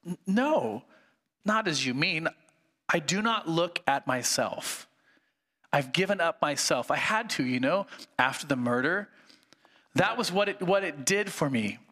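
A serene male heavenly spirit who offers gentle, patient reassurance, as a man reading in a sermon puts him on. He sounds bright and speaks a little high. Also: expressive, measured pace, pauses often, big-room sound, full character voice.

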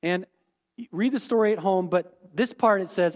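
A man's voice: high-pitched, moderate pace. A man teaching a Bible lesson, explaining terms and repeating key points, often checking in with "okay?".

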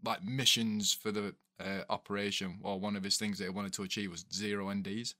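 A man's voice: on the low side, flat delivery, fairly quick, sharp tone, no echo, studio quality. A man, an ex-soldier, telling sweary army anecdotes in casual podcast chat. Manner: laughs through stories, sweary. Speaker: podcast guest, army veteran. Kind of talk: casual swearing banter, war stories.

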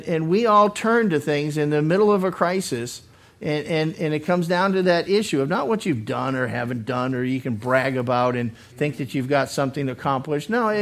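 A male pastor preaching a Bible study sermon in an earnest way, often repeating words as he restarts. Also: a little high. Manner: acts out quoted speakers with sudden loud lines.

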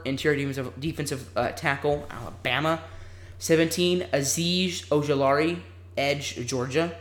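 A man's voice: fairly high pitch, reverberant. A man hosting a solo sports podcast, reading down a ranked list of players in a casual, rambling way with offhand asides. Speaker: podcast host.

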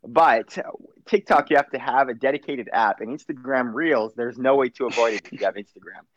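A young man co-hosting a casual podcast, joking and exaggerating in quick banter. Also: medium pitch, no echo. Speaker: podcast co-host. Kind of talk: casual chat. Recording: dry, dull lo-fi home recording.

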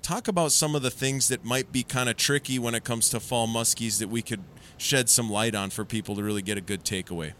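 A man hosts a casual podcast interview and asks long, winding questions. His voice is smooth and clear, set at a middle pitch. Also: fairly bright tone. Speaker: podcast host.

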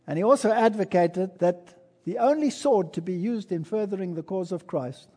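A man's voice: high voice, moderate pace, warm tone, breathy edge, big-room sound. A man giving an earnest, emphatic sermon-style history lecture, telling the story and adding asides from his own life. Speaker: preacher.

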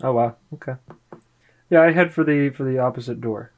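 A player in a casual tabletop role-play, making wry, deadpan remarks. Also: mid-range voice, brisk.

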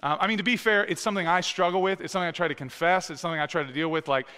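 A man's voice: high voice, steady tone, rapid-fire, sharp tone, clear, resonant tone. A man in his thirties, a pastor preaching a sermon in a casual, conversational way, with many fillers and restarts. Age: 30s. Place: church sanctuary with long reverb. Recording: echoey hall reverb.

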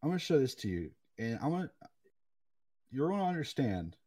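A young man co-hosting a casual gaming chat, telling animated stories and swearing freely. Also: mid-range voice, brisk. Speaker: podcast co-host.

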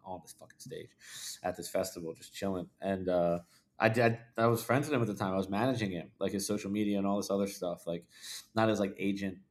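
A man telling loose, profane party stories in a casual podcast chat, full of fillers, dropping to quiet asides and rising into loud excited bursts. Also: low voice, fast talker. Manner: loose, profane, rambling storyteller with many fillers. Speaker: podcast guest, videographer.

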